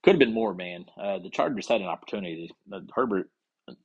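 A man with a very low, husky voice talks through his fantasy football league alone. He rambles and cracks jokes. When he trips over a name he swears quietly to himself. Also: expressive, quick pace, lo-fi sound. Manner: rambling, wisecracking, swears under his breath. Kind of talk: casual solo sports chat.

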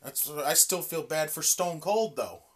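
A fairly low-voiced woman talks through a casual podcast, her pitch leaping up and down. She rants with heavy swearing, swinging from drawn-out stresses to rapid bursts. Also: slightly rough. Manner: profane, animated, ranting. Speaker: podcast co-host. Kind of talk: casual wrestling chat.

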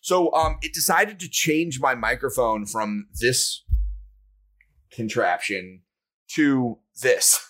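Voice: mid-range voice, slow pace, fairly bright tone, rough recording. A podcast co-host chatting casually about video games over a remote call, rambling with many fillers. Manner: rambling, lots of fillers and restarts. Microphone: remote call over Discord.

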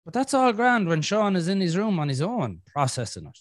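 A man's voice: high-pitched, very animated, brisk, dry recording, clean studio sound. An Irish man hosting a podcast, talking bluntly with lots of swearing and jokes, and acting out his own inner voice. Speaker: podcast host. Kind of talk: casual podcast chat.

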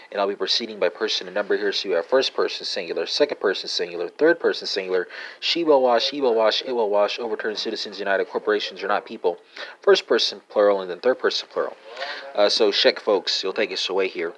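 A man's voice: low-pitched, a bit bright. A man hosting a language-lesson podcast, going methodically through verb forms and spelling them letter by letter with frequent fillers. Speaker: podcast host teaching languages.

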